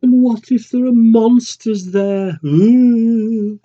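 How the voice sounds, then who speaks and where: A man's voice: very high voice, slow, mellow, voice pushed up. A man doing a scared little penguin chick. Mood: fearful. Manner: anxious, worried questions tumbling out. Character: small frightened boy penguin. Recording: dull lo-fi recording.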